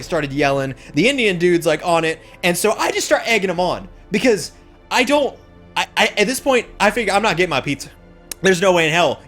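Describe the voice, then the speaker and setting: A man telling a rambling anecdote to his viewers, swearing casually and with lots of fillers. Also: high-pitched. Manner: rambling, swearing, animated storytelling. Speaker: streamer telling a story.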